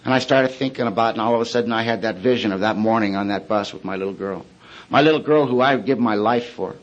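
A man giving a personal testimony at a recovery meeting, telling his story in colloquial, plain-spoken words with dark humor. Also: on the low side, fast, lo-fi sound.

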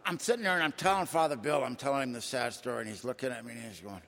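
Older man, folksy colloquial testimony, emotional swells, mid pitch, echoey hall. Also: very fast, hardly any pauses, a bit bright. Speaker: recovery meeting speaker. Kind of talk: personal testimony talk.

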